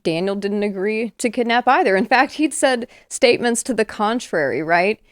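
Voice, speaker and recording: A woman's voice: on the high side, moderate pace, dry recording. Dry-sounding woman explaining details. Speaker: guest. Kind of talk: explaining case details in an interview. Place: podcast studio.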